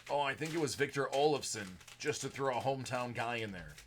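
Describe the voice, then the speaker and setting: A man's voice: mid-range voice, brisk, a little hiss or hum. A man hosting a live card break, calling out player names as he opens packs, with a sore throat that leaves him short of breath and unable to project. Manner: rattles off card names, bursts of excitement at big pulls.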